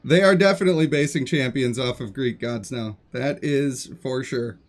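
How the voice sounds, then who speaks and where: A man's voice: medium pitch, moderate pace. A man streaming a game live, chatting casually and joking with his viewers. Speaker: gaming streamer.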